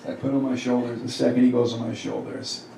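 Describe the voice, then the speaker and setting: On a comedy club stage, a stand-up comedian in his thirties delivers a crude, conversational set, acting out quotes from himself and others. His medium-pitched voice is creaky and mellow, delivered flat and fast. The roomy club is picked up by a distant mic with slight background noise and the audience laughing.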